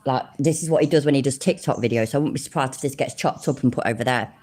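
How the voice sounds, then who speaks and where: A woman's voice: rumbling low, rapid-fire, darkish tone. A woman in her forties, chatting bluntly and swearing as she reacts to clips. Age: 40s. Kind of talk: casual reaction chat.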